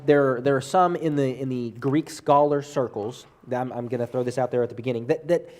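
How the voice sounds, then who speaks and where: A man's voice: a little high, a little mellow. A man teaching a church Bible class off the cuff, earnest and hesitant, full of restarts and fillers.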